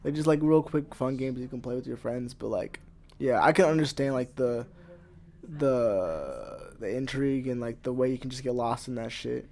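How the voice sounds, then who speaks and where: A man's voice: medium pitch, moderate pace, gravelly, darkish tone. A man in his twenties from Iowa, a rapper guest rambling with lots of "like" and swearing, a little intoxicated. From Iowa, USA. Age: 20s. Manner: rambling, heavy "like" filler, swears freely. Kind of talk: casual podcast chat.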